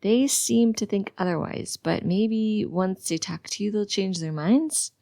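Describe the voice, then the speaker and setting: A woman's voice: medium pitch, a little slow, gravelly, dark tone, dry recording, studio quality. A woman reading the lines of a petite nurse who talks in a soothing, sing-song way.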